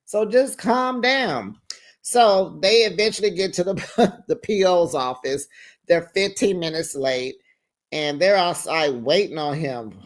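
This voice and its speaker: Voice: mid-range voice, lively intonation, unhurried. Sassy, chatty reality TV recap host. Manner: sassy, chatty storytelling with slang asides; acts out quoted people in changed voices. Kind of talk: casual recap commentary to viewers.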